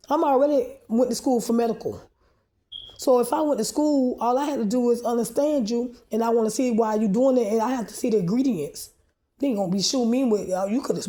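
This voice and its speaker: A woman delivers a rambling monologue to her own camera, agitated and confrontational, swearing freely. Her voice sits a little high for a woman yet sounds dark and mellow. She stumbles, restarts and repeats words as she pushes on. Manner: agitated, profane, confrontational ranting. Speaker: vlogger posting a video.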